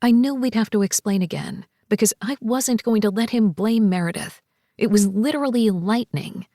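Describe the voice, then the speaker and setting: A woman narrating an audiobook romance in the first person, expressive and voicing each character. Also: medium pitch, normal speed.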